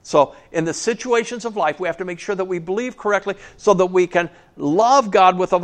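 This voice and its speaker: A man preaching a sermon in a conversational way, often checking in with "okay?" and adding wry asides. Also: fairly high pitch. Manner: conversational, keeps asking "okay?". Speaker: pastor.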